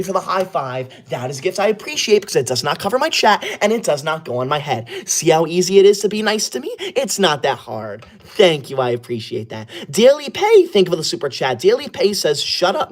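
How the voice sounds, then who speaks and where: In a comedy skit of a live stream, a man plays a prickly young male streamer who is constantly offended and scolds his chat in a hushed, restrained voice. His pitch jumps up and down with each indignant turn, and the setting is an upstairs indoor room away from home.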